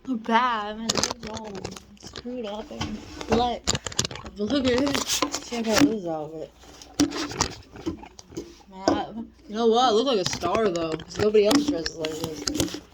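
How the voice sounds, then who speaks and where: A woman's voice: mid-range voice, slow pace, very noisy. A woman chatting to her camera in a casual vlog, self-mocking and laughing often. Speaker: vlogger.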